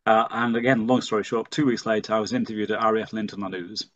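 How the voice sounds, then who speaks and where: A man's voice: lowish voice, little pitch movement, quick pace, a bit bright, dull audio. A middle-aged man from Leeds, telling stories in an interview as a pilot and flight instructor. He brings his anecdotes to life and acts out the dialogue in them. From Leeds, England. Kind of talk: storytelling in a conversational interview.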